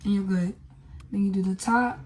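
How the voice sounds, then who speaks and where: A woman's voice: medium pitch, fairly even intonation, moderate pace, darkish tone, soft background music. A young woman chatting casually through a makeup tutorial, talking to viewers with lots of fillers as she works. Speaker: beauty vlogger.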